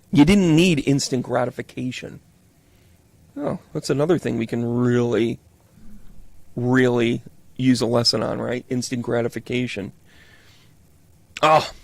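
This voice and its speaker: A Southern-accented man with a gravelly mid-range voice reads tarot live for his audience, keeping it casual and cracking jokes as each card turns. The audio is free of echo.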